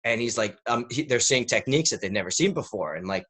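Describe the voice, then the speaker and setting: A podcast guest in his thirties from the United States tells a rambling, animated story in casual interview talk, filling it with "like." His mid-range voice is husky and fast.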